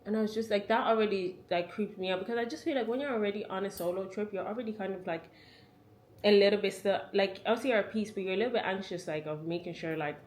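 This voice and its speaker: An Irish travel vlogger in her twenties tells a chatty travel story to camera, peppering it with "like." Her voice is medium in pitch and darkish in tone, and she talks fast.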